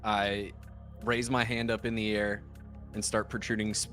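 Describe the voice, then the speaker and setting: Guy player, flat monotone, kinda bright sharp tone, faint music. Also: lowish voice, moderate pace. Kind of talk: playing a tabletop game.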